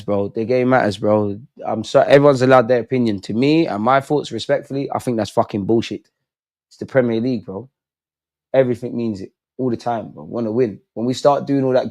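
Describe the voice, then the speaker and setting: A man's voice: mid-range voice, brisk, a little mellow. A young man doing a live football watch-along, swearing, pleading with the players and throwing in lots of slang. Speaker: football fan streamer.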